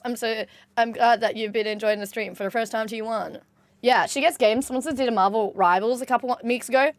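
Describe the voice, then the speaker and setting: A young woman chatting casually with her live-stream chat, excitable, jumping between squeals and low mutters. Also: brisk, no echo. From Australia.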